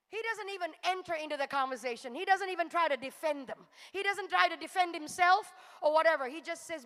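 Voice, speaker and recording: A woman's voice: very high-pitched, animated, fast, few pauses, a bit bright, big-room sound. A woman preacher delivering a fervent sermon to a congregation. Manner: fervent, rising to exhortation.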